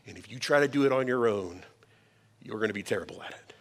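A man in his thirties preaching a sermon as a pastor, emphatic and conversational, with quick asides to the congregation. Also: on the low side, animated. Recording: long hall reverb.

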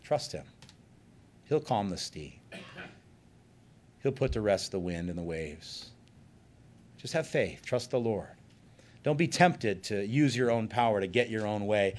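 A man preaching a sermon in a conversational way, with joking asides and sudden shifts from soft remarks to emphatic bursts. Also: on the low side, expressive, a little slow, pauses often. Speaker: pastor.

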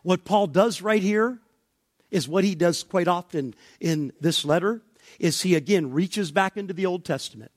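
A male pastor preaching a sermon, building to emphatic near-shouts when he voices objections. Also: high voice, moderate pace, no echo, clean studio sound.

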